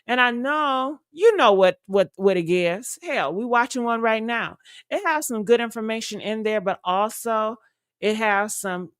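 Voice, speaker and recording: A woman's voice: a little high, unhurried, fairly bright tone, clear, resonant tone, no room sound, studio quality. A young woman streamer chatting casually and loosely to her viewers, rambling with fillers and laughter. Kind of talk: casual live-stream chat.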